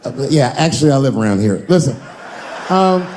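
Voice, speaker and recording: A man's voice: mid-range voice, lively intonation, fairly quick, background noise. A man in his forties doing a wry, storytelling stand-up comedy routine on stage before a live audience. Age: 40s.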